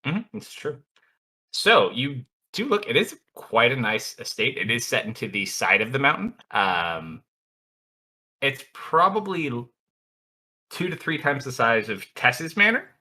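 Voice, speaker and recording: A man's voice: mid-range voice, big pitch swings, unhurried, pushed and bright. A man narrating a tabletop role-playing game as dungeon master in a laid-back way, often laughing as he goes.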